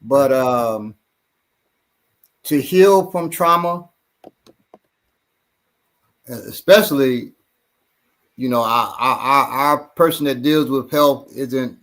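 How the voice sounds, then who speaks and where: A man's voice: medium pitch, slow, long pauses, a bit bright. A man co-hosting a casual podcast, rambling with repeated words, occasional swearing and easy laughs. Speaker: show co-host and self-defense trainer.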